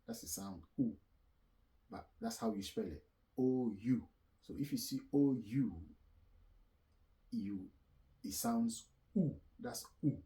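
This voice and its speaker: A man explaining French sounds at an unhurried, deliberate pace, spelling out letters one by one and repeating each sound. His voice is dark and mellow, and he often stops to correct himself. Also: on the low side, poor audio. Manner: slow, repetitive, spells out letters and self-corrects. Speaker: French teacher. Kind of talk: slow classroom explanation.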